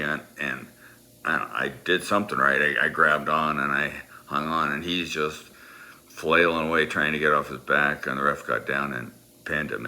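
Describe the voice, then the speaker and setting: Gravelly, bright-edged male storyteller, halting and self-mocking, casual. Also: extremely low pitch. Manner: rambling, halting, self-deprecating.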